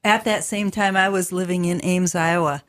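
Female radio host, lowish voice, chatty and encouraging, studio mic, casual interview. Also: steady tone, moderate pace.

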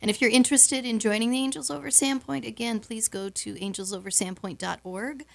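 A middle-aged woman chatting as a guest in a radio studio, telling stories with quick laughs. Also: a little high, fairly even intonation, gravelly. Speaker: guest, show emcee. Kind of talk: casual radio interview chat.

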